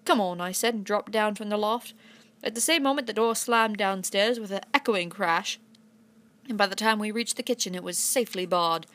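A woman narrating a classic adventure novel aloud in an imitated English accent, in steady first-person storytelling. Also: medium pitch, normal speed. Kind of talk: storybook reading.

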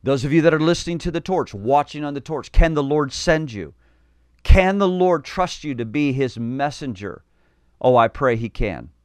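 A man's voice: fairly high pitch, lively intonation, normal speed, clean tone, dry recording, studio quality. A man preaching a podcast sermon, fervent, often repeating words and building to emphatic calls.

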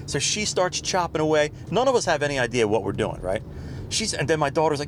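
A man's voice: a little high, expressive, fairly quick. Rambling man talking while driving. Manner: chatty, wandering, laughs at himself. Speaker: podcast host. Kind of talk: casual rambling monologue. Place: inside a car while driving in traffic. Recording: car road noise behind voice.

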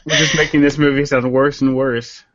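A man guests on a podcast, speaking haltingly with plenty of fillers and a dry wit. His voice sits at a mid pitch. It comes through a dull, lo-fi call line. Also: flat delivery, fairly bright tone, dry recording. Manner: hesitant, dry humor, many fillers. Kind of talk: casual chat.

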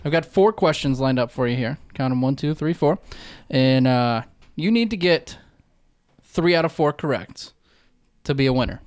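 A podcast host running a casual trivia segment plays a jokey quizmaster, teasing the contestants. His mid-range voice has lively intonation, a moderate pace and a clean tone. The sound is studio quality with no echo.

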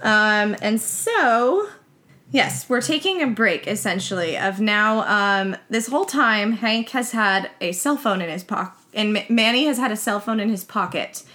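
A woman's voice: mid-range voice, lively intonation, measured pace, pushed and bright. A woman co-hosting a casual podcast, recapping a film in a loose, chatty way with plenty of "like" and "um". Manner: chatty retelling with many fillers.

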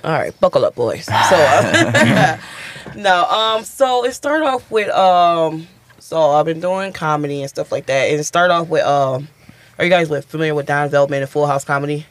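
A man's voice: a little high, normal speed. A man, a stand-up comedian, telling a story in a casual interview and acting out what people said. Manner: animated, chatty, acts out quotes.

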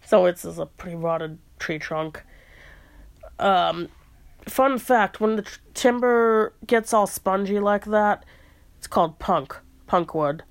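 A woman's voice: mid-range voice, slow, creaky. A woman casually retelling a novel's plot as a podcast host, chatty, with trivia asides and fillers. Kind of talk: casual storytelling recap.

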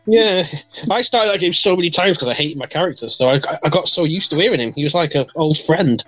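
A man hosting a casual podcast chat, jokey and animated, laughing often. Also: on the high side, brisk, dull audio, faint music behind. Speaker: podcast host.

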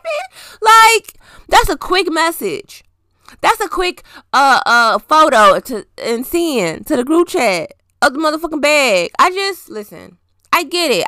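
A young woman hosting a podcast, ranting in casual, profane, exasperated commentary that rises to loud outbursts. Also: on the high side, dry recording, studio quality. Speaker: podcast host.

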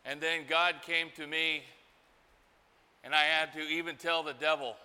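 A middle-aged man preaching a sermon, telling a story slowly and acting out the voices in it. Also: on the high side, steady tone, pushed and bright, clear, resonant tone. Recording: hall reverb.

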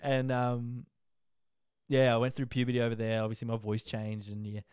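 Laid-back young Australian man, smooth voice. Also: medium pitch, monotone, normal speed, darkish tone, dry recording, clean studio sound. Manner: rambling, laid-back, frequent fillers and laughs. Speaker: podcast host. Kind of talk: casual life-story monologue.

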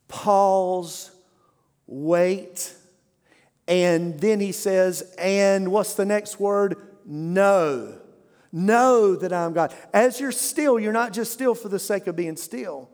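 High-voiced preaching man in a reverberant hall. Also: darkish tone. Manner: preaching with call-and-response prompts. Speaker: pastor. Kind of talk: sermon. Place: church sanctuary.

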